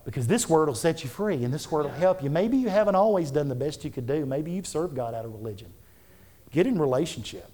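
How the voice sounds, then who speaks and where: Male pastor, thirties, high voice, earnest repeating delivery from the pulpit. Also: expressive, quick pace, dark tone. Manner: fervent, conversational preaching with repetitions. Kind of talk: sermon.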